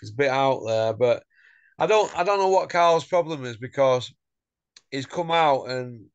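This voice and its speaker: A man's voice: medium pitch, lively intonation, moderate pace, clear, resonant tone, dry recording, dull audio. A man hosting a casual chat, blunt and chatty, tagging his points with questions. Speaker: channel host.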